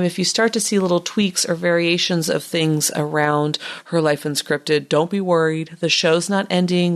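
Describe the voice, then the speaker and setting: A woman therapist hosting her own podcast, talking in a chatty, reassuring way with loose fillers. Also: low voice. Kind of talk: casual solo podcast talk.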